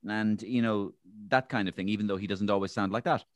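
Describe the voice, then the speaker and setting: A man's voice: on the low side, a little fast, dry recording, clean studio sound. A man who works as an impressionist, talking in an interview and acting out voices as he tells stories. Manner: lively storyteller who acts out voices. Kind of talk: conversational interview.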